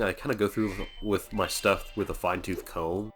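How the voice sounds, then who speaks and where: Deep-voiced rambling let's play guy. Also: fast talker, few pauses, soft background music. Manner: rambling, self-deprecating, chatty. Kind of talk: casual game commentary.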